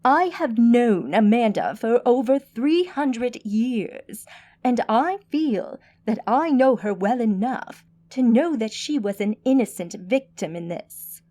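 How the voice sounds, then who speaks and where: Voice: medium pitch, expressive, slow, dark tone. Woman voicing an old mage, earnest, reasoned, audiobook. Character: centuries-old mage defending a friend.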